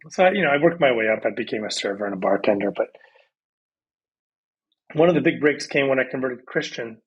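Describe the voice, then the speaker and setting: Husky-voiced man telling his story. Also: mid-range voice, rough recording. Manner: lively storyteller who acts out conversations. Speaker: podcast guest. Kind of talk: casual storytelling interview.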